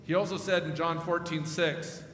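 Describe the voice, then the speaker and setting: Pastor preaching in an echoey hall. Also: male voice, fairly high pitch, fairly even intonation, moderate pace. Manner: swings between hushed and emphatic delivery. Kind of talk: sermon storytelling. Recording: echoey hall with long reverb and faint noise.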